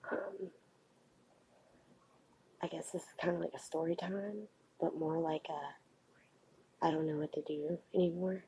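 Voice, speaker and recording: Woman vlogger, late-night confessional, gravelly rasp, very low, halting. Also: slight background noise, rough recording. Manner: hushed, halting, many pauses and fillers. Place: home at night.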